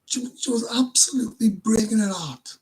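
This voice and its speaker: In casual storytelling to his viewers, a Welsh stream host uses a deeply husky, breathy voice, a touch higher than most men's, with a darkish tone and normal speed. He rambles through crude tales, swearing constantly, laughing mid-story, stumbling and restarting. The recording is poor.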